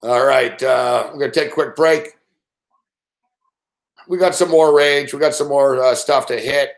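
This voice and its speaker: A man's voice: medium pitch, a little slow, creaky. A man hosting a late-night sports betting show, ranting casually and swearing constantly as he rambles. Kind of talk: late-night live stream rant.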